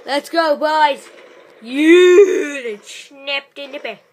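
Excitable high-voiced woman gaming. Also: takes it slowly, a little hiss or hum. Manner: excitable, bursts into loud exclamations. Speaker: gameplay commentator. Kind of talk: live gameplay commentary. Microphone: phone.

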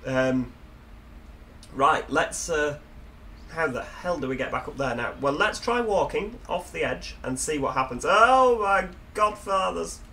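With a medium-pitched, somewhat bright and animated voice, this Yorkshire man keeps a measured pace. He hosts a gaming video, giving casual commentary over a driving game, joking and mocking himself, with slight hiss or hum present.

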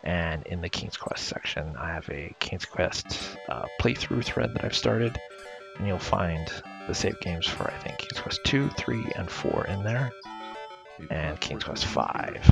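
A man's voice: sits low, lively intonation, unhurried, gravelly. A man giving casual commentary over an adventure game, jokingly paraphrasing the characters' dialogue. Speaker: let's play commentator. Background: game music.

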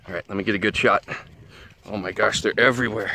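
A man vlogging outdoors on a ranch into a handheld camera, tired and sweaty, cooing excitedly at puppies. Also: fast. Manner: excited, coos at puppies in a high voice. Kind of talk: casual vlog.

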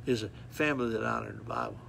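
A man preaching a sermon, folksy and repetitive, telling stories with animated acted-out moments. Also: fairly low pitch, fast, vocal fry, a little hiss or hum.

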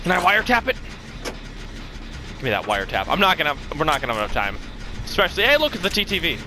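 A man giving live gameplay commentary who swears a lot and swings from low mumbles to loud shouts. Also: huge pitch swings, quick pace, background noise. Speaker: gaming streamer.

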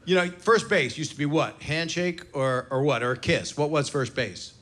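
A man's voice: a little high, normal speed, fairly bright tone. A man in his sixties doing a stand-up comedy set, brash and self-mocking with crude punchlines, recorded live in a comedy venue. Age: 60s. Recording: live club recording with crowd noise. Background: audience laughter and cheering.

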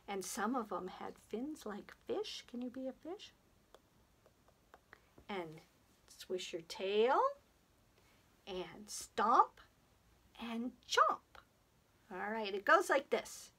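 A woman's voice: on the high side, very animated, very slow, pauses often, bright, forceful tone, husky. A woman librarian leading a children's storytime, counting down rhymes in a playful, sing-song way and drawing out words for small children.

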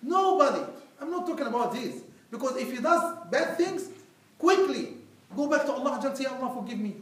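Man preaching, high pitched, earnest and pleading, echoey mosque hall, distant mic. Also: lively intonation, normal speed, a bit bright. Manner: earnest, pleading, addresses listeners as brother. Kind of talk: Friday sermon.

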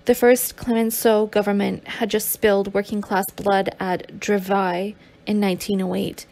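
A woman's voice: medium pitch, flat delivery, moderate pace, a little mellow. A woman narrating a memoir as an audiobook, with occasional stumbles and restarts.

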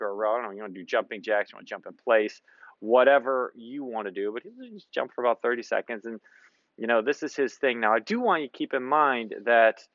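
A man's voice: mid-range voice, a bit bright, dry recording. Man talking through a workout, dull sound. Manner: loose and conversational, lots of fillers. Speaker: fitness coach. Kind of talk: casual coaching commentary over a workout.

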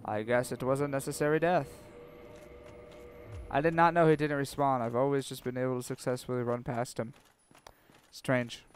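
A young man commentating his own gameplay, sarcastic and self-mocking, swearing freely and panicking out loud when things go wrong. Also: mid-range voice, steady tone, moderate pace, pauses often, a little hiss or hum. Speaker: let's play commentator.

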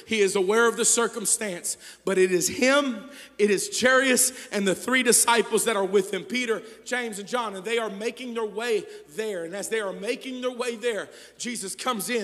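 A man preaching as a pastor, moving between quiet storytelling and shouted, fervent exhortation. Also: high-pitched, in a large hall. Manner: swings from hushed storytelling to shouting fervor. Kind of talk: sermon. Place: church sanctuary.

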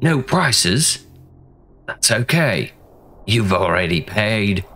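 A man's voice: lowish voice, big pitch swings, extremely slow, bright, forceful tone, soft background music, heavily acted. A man voicing a sinister, overly polite restaurant host in a put-on British accent. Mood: creepily polite.

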